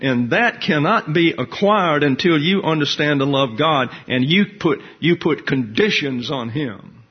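A man with a husky, slightly breathy voice leads a Bible class, talking through his points and asking the room questions. The recording sounds dull and lo-fi. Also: fairly high pitch. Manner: conversational, asks the class questions. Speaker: Bible teacher.

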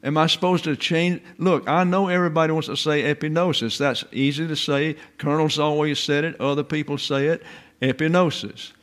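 A man with a slightly high voice teaches scripture with emphatic, drawn-out stresses on Greek terms. He fires off rhetorical questions and restarts his sentences as he presses each point home. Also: steady tone, a bit bright. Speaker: Bible teacher. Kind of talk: expository Bible teaching.

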